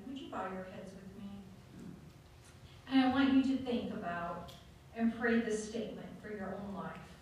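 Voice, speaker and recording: Woman preaching in an echoing hall. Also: darkish tone. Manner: earnest, dramatic scripture reading with slow emphatic pauses. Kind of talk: sermon. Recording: echoey room, distant mic, faint rumble.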